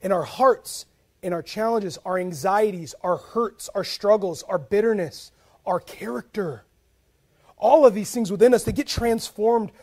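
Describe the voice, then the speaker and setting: High-voiced pastor preaching animatedly. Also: male voice, a little slow. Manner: animated, swings between soft asides and loud emphatic bursts; conversational, with frequent "like" and repeated starts. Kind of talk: sermon with humorous storytelling.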